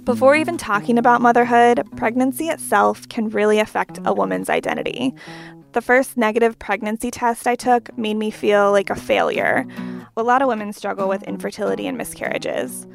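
A woman's voice: medium pitch, lively intonation, brisk, vocal fry, over music. A woman in a casual group conversation, speaking as a supportive listener.

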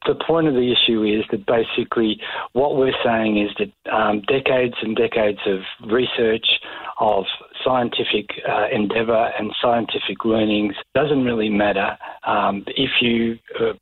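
Male phone guest, earnest and measured, dry thin phone sound. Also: on the low side, fairly even intonation, slightly rough, no echo. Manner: measured, earnest, frequent restarts and fillers. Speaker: medical association spokesman, phone guest. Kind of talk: radio interview answers. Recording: tinny phone line.

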